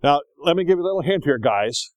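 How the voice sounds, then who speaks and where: Folksy older preacher, dry close sound. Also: male voice, fairly high pitch, fast, no echo, rough recording. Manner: folksy, animated storytelling with put-on voices. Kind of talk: sermon.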